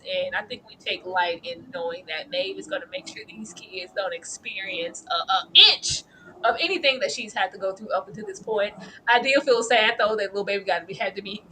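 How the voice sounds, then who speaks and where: Animated laughing woman recapping TV. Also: mid-range voice, slight background noise. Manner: animated, laughing, swings from hushed asides to loud outbursts. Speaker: co-host of a TV recap show. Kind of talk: casual chat reviewing a TV episode.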